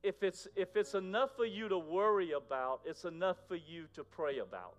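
A man preaching a sermon in a conversational way, moving between loud emphasis and near-whispers. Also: sits high, normal speed, dull audio, soft background music. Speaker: pastor.

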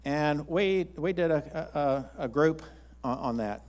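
A man with a slightly raised pitch delivers a sermon. He tells stories in a folksy, rambling way, often restarting his sentences. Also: lively intonation, takes it slowly, a little mellow. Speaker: pastor. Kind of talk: sermon with storytelling.

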